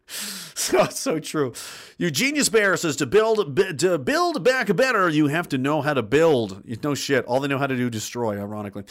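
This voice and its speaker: A man's voice: fairly high pitch, animated, moderate pace, fairly bright tone. Blunt, profane man ranting on a livestream. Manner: profane, blunt and ranting, laughs between points. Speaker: livestream host reading chat comments. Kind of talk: casual ranting livestream talk.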